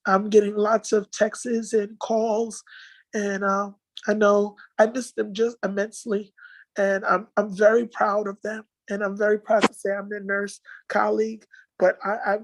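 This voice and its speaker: A woman presenting event slides in a casual, halting way, full of fillers and restarts, and moved to tears at times. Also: medium pitch, little pitch movement, no room sound, poor audio. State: tearful at times. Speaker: nursing association organizer presenting slides. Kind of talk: casual spoken slideshow recap.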